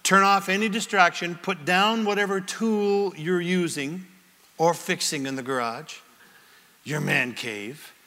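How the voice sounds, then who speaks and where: A man preaching a sermon as pastor to a congregation, animated and acting out little scenes in different voices. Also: high-pitched, measured pace. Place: church sanctuary before a congregation. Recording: long reverb of a large hall.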